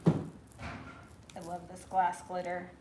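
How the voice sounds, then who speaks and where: A woman's voice: lowish voice, completely flat delivery, extremely slow, very noisy. A woman hosting a live crafting show, chatting casually and laughing often as she works. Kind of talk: casual chat while crafting.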